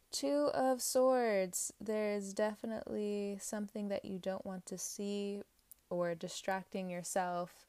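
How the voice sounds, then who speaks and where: A woman's voice: mid-range voice, a little mellow, smooth, no echo. A young woman giving a casual tarot reading, talking candidly and with emphasis, often rambling. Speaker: tarot reader.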